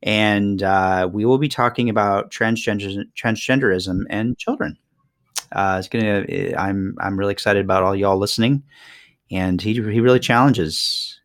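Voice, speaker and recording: A man's voice: lowish voice, normal speed, no room sound, clean studio sound. A man, co-hosting a podcast in casual chat and telling stories with lots of laughter. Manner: animated storyteller, laughs often. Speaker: podcast co-host.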